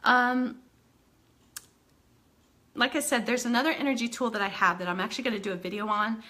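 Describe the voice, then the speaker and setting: A woman energy healer teaching tapping in a live online video. Her voice sits a little high and rings bright and forceful. She is animated, slips into her clients' voices and laughs often. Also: a little fast.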